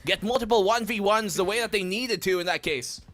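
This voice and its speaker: A male esports caster with a high, bright voice who talks through each play and what the teams are setting up. Faint noise sits under his voice. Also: a little fast. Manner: analytical, breaks down plays. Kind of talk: esports commentary.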